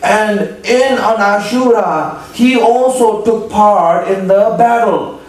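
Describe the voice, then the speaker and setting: A man's voice: high-pitched, slow pace, recorded from a distance. A man preacher telling a story in a sermon, emotional and dramatic, acting out quoted speech. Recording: echoey hall, voice from afar, faint noise.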